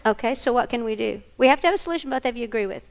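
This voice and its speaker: A woman's voice: on the high side, expressive, racing, rough recording. A woman giving a training workshop, animatedly acting out scenes with volunteers. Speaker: workshop presenter. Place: conference room before an audience.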